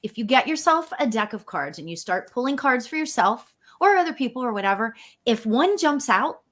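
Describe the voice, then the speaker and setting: A woman who works as a spiritual medium, co-hosting a live stream and giving card readings in an effusive, excited and emotional way. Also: a little high, a little fast. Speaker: spiritual medium, guest co-host.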